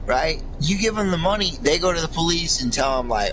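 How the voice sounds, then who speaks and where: A man's voice: on the high side, expressive, normal speed, few pauses, a bit bright, a little hiss or hum, rough recording. A young man in crude, rambling casual chat, swearing a lot and laughing often.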